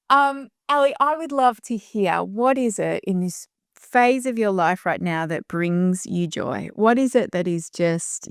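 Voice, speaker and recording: A woman in her fifties hosts a heartfelt conversation, her voice smooth and clear. She speaks earnestly and reflectively and slips into laughter now and then. The sound is close and dry. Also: fairly low pitch, no echo. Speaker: podcast host.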